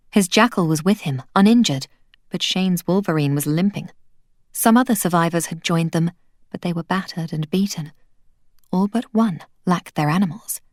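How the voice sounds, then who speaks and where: A woman reading a children's adventure novel aloud in a steady, soft-spoken way. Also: fairly low pitch, no room sound, clean studio sound. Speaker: audiobook reader.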